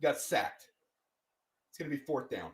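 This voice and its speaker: A man hosting a live watch party speaks in a husky, mid-range, sing-song voice at an unhurried pace. Still, he's agitated, ranting through the game play by play and yelling at the refs whenever he's angry.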